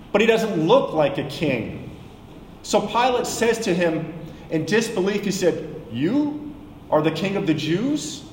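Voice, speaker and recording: A man teaching a sermon, measured and explanatory, slowing down for emphasis. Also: high-pitched, roomy sound, big-room sound, slight background noise, rough recording. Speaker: preacher.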